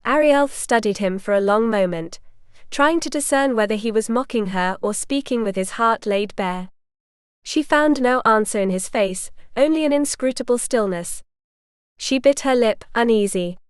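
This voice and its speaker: A woman narrating a romance audiobook in a measured, even storytelling manner. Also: a little high, clean tone, dry recording, clean studio sound. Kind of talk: scripted narration.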